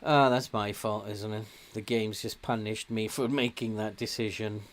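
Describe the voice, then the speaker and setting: A man's voice: lowish voice, fairly even intonation, moderate pace. Man, casual game commentary, grumbly, self-mocking, scolds the players on screen. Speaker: gaming commentator. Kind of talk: casual let's-play commentary.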